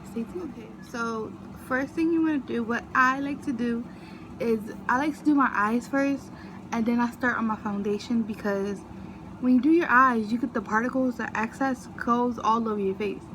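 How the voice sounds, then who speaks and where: A young woman with a slightly high voice talks through a makeup tutorial in a loose, chatty way. She explains each step to her viewers informally, with a faint hum of noise behind her. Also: moderate pace. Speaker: beauty vlogger.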